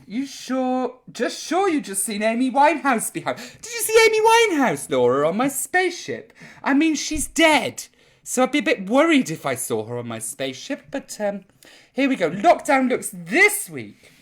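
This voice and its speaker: A woman's voice: a little high, huge pitch swings, moderate pace. An older woman hosting a live chat stream, reading out viewers' comments in a cheeky, sweary, rambling way, sounding a little tipsy.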